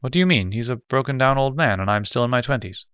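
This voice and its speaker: A man voicing an eager young lieutenant in his twenties who speaks excitedly. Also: mid-range voice, quick pace, clear, resonant tone, dry recording, lo-fi sound, voice pushed up, lightly acted.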